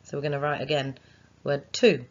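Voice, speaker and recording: A woman's voice: a bass voice, little pitch movement, moderate pace, muffled recording. A woman, a primary school teacher giving a recorded phonics lesson to young children, sounding out letters and chanting rhymes for writing them.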